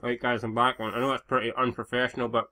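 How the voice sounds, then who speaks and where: A young Scottish man commenting casually on a game, swearing freely and joking with his viewers. His voice is bright and forward. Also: medium pitch, little pitch movement, fast. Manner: sweary, laid-back banter. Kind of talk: casual let's-play commentary.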